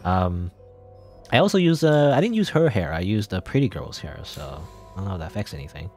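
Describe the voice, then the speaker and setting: A man narrating his gameplay in a rambling, chatty way, thinking out loud and chuckling as he goes. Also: deep voice, very animated, brisk. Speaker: let's play gamer. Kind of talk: casual gameplay commentary. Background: game music.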